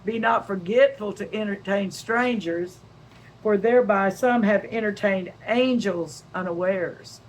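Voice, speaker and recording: A woman's voice: medium pitch, slight background noise, poor audio. An older woman giving a homely Bible lesson, reading scripture aloud and chatting about it, asking questions and answering them herself. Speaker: Bible teacher.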